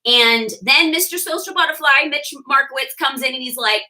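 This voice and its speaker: A young adult woman telling her personal story to a team, animated and laughing often as she acts out what people said. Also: high-pitched, moderate pace, noisy background. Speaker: direct sales leader sharing her story. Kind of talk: personal testimony talk to a team.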